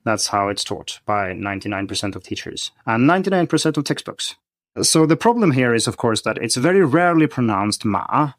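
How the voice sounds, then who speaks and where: A man's voice: medium pitch, big pitch swings, a little fast, no echo. Methodical man explaining in a dry room. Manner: explanatory, methodical teacher's delivery. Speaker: guest expert on learning Chinese. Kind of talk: podcast conversation.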